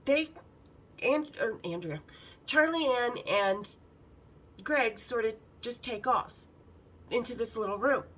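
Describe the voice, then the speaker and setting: Bright-voiced woman telling bawdy stories. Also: fairly high pitch, slow pace, pauses often, rough recording. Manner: candid, bawdy and frank; lively, acts out the others' lines in her story. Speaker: podcast host. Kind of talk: casual storytelling.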